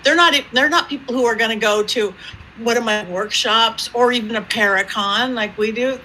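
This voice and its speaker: A woman guest telling stories in an interview, with a lively improv-comedy manner and acted-out quotes. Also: normal speed, a little hiss or hum, rough recording. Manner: lively, acts out quoted voices with big pitch jumps. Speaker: psychic medium guest. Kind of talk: animated storytelling interview.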